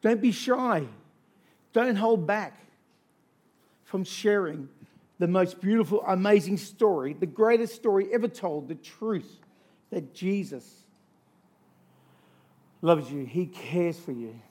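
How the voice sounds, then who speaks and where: Man, pastor, sermon, fairly high voice, emphatic repetition, soft storytelling to loud exhortation. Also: animated, takes it slowly, long pauses.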